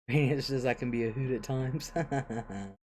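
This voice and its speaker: An older woman hosts a casual livestream in a bass, husky, darkish voice at a measured pace. Chatty and rambling, she reads viewer comments aloud and chuckles often.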